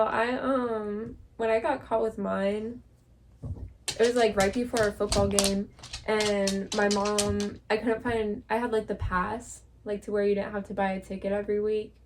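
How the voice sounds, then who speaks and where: A woman's voice: mid-range voice, flat delivery, a little slow. Young woman podcast cohost, rambly laughy storyteller, mic kinda far, faint noise. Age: young adult. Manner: laughing storyteller, filler-heavy. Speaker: podcast co-host. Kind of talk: casual chat.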